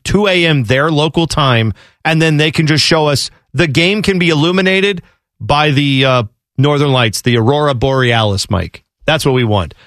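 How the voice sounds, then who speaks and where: Animated joking man, dry close mic. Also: on the high side, no room sound. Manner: playful, riffs and jokes, lively ups and downs. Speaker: co-host. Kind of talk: casual sports chat.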